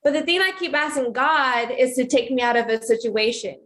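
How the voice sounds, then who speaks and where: Earnest high-voiced woman musing aloud. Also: a bit bright. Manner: earnest, halting, with many fillers. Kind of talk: casual reflective chat.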